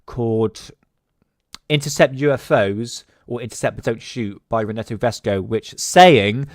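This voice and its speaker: A man's voice: mid-range voice, unhurried, no room sound, studio quality. A man hosting a casual solo talk, rambling with many fillers and restarts. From England. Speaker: host.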